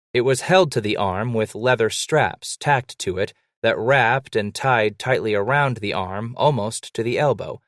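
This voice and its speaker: A man reading an audiobook aloud in a slow, measured storytelling manner. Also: lowish voice, dry recording, clean studio sound. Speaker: audiobook narrator. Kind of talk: scripted narration.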